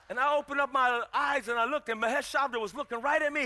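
High, bright-voiced preacher man. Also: quick pace, few pauses, slight background noise. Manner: preaching with rising, emphatic storytelling. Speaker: pastor. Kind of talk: sermon.

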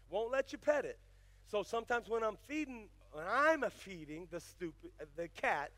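An older male pastor preaching, moving from folksy storytelling into fiery, shouted exhortation. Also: high voice, dry recording. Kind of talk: sermon.

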